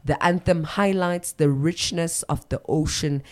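A woman's voice: sits low, measured pace, darkish tone. A woman hosting a morning radio show, chatty, with fillers and self-corrections. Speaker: radio host. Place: radio studio.

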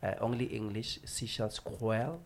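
Man co-host, lowish voice, halting chat, faint background hiss. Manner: hesitant, many fillers and restarts. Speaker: radio co-host. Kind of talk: casual studio chat.

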